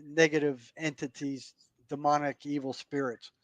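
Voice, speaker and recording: A man telling a story as a podcast guest. His voice sits a little high for a man, and he sounds earnest, halting and prone to repeating himself. The recording is dry and close, with no room sound. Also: flat delivery, no room sound. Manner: earnest, halting, repeats words while recounting. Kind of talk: storytelling in conversation.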